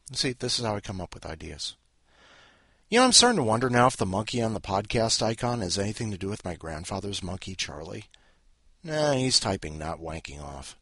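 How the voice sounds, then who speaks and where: A man's voice: lowish voice, bright, forceful tone, husky, no room sound. A man hosting a podcast in a rambling, self-interrupting way with wry asides. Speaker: podcast host. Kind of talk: rambling casual chat.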